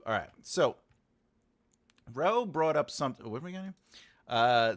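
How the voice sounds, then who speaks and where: A man's voice: mid-range voice, expressive, normal speed, long pauses. A man hosting a live writing class, chatting casually and jokingly with his audience, rambling with many filler sounds and answering chat comments aloud. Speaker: writing teacher and host.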